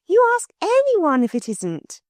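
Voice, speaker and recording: A woman's voice: extremely high pitch, wildly swooping pitch, measured pace, no room sound, clean studio sound, pitched above the performer's own voice, full character voice. A woman voicing a blunt, cheeky little girl who speaks her mind. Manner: blunt, muttering.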